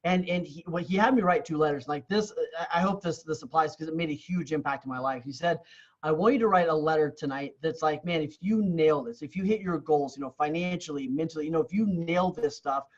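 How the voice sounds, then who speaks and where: A man's voice: on the high side, brisk, muffled recording. A man who grew up in Canada, telling his story as a podcast guest in an earnest, candid way, often repeating words as he restarts. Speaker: real estate coach, podcast guest.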